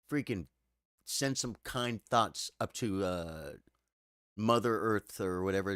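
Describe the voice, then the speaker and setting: Direction tired, choked-up man, low voice. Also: fairly bright tone, no room sound, clean studio sound. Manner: halting, repeats words, stumbles emotionally. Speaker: streamer chatting with viewers. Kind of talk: casual live-stream chat.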